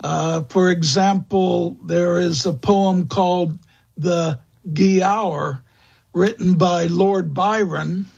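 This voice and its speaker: A man speaking as a guest expert in an interview, slow and halting, with many fillers and restarts. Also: high voice, fairly even intonation, creaky, a little mellow, husky, muffled recording. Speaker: guest expert on vampire lore. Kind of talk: interview answers.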